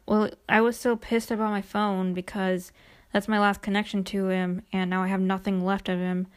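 A young woman with a medium-pitched, slightly mellow voice casually recaps a TV episode. She's chatty and gushing, packing her talk with "like" fillers.

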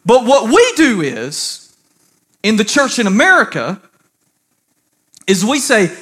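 Lively, unhurried preacher with an animated pitch. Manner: animated storytelling preacher, turning fervent. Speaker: pastor. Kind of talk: sermon.

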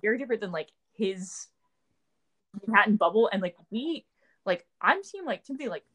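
A woman's voice: medium pitch, lively intonation, moderate pace, fairly bright tone. Young female co-host, casual, rambling delivery full of fillers. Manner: rambling, filler-heavy, says "like" constantly. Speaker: podcast co-host. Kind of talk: casual chat.

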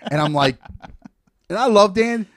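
A man's voice: sits high, lively intonation, unhurried, dry recording, studio quality. Sarcastic joking man in podcast banter. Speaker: podcast co-host. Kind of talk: casual banter.

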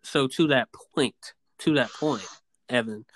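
A man co-hosting a podcast, making his points in an animated, emphatic way and often repeating his opening words. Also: mid-range voice, measured pace, background noise. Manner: animated, emphatic, repeats himself when starting. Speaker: podcast co-host. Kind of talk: casual debate chat.

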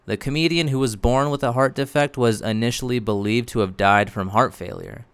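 A man giving scripted narration for a video essay in a measured, explanatory way. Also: medium pitch, big pitch swings, fairly bright tone, clean tone, dry recording.

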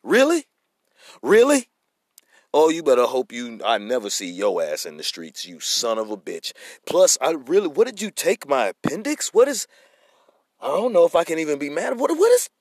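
A man's voice: on the high side, wildly swooping pitch, moderate pace, pauses often, dry recording, studio quality, exaggerated voice. A man playing a furious, groggy man who woke up robbed and leaves a cursing, ranting voicemail in a comedy sketch. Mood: enraged.

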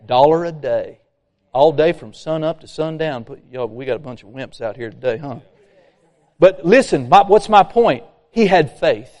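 A man preaching a sermon, folksy and animated, acting out complainers. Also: fairly high pitch, normal speed. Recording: long hall reverb.

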